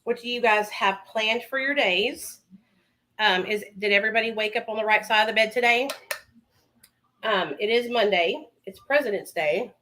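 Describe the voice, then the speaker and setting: Bright chatty woman hosting a livestream. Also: mid-range voice, moderate pace. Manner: chatty, calls viewers honey and baby. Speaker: livestream host. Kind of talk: casual live chat while doing makeup. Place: her home.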